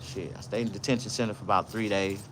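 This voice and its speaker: A man telling stories in a casual livestream, loud, profane and boisterous. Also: fairly low pitch, fairly even intonation, fast, a little hiss or hum. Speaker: vlogger.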